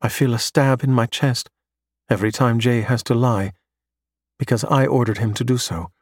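A man narrating a story in a measured, low-key way. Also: fairly even intonation, dry recording, studio quality. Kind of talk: audiobook narration.

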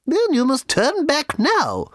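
A man doing a shrill, stern little old lady. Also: wildly swooping pitch, dry recording, studio quality, exaggerated voice. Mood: severe. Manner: piping, slow and severe. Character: tiny, stern, shrill old woman at a booth.

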